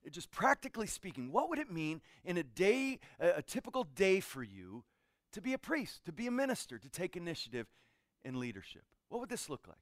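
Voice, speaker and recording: A man's voice: high voice, brisk, no echo, studio quality. A man preaching and teaching a group, asking questions and telling stories from his own life. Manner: animated, asks the audience questions, tells stories. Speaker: pastor. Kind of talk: interactive sermon teaching.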